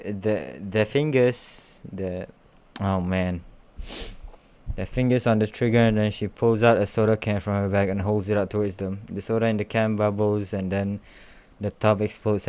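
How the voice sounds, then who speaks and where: A man's voice: fairly low pitch, steady tone, darkish tone, clean tone. A young man casually reading a fan story aloud, stumbling over words and stopping for joking asides. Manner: reads haltingly, stumbles and corrects himself, joking asides. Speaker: fanfic reader. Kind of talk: casual read-aloud with commentary.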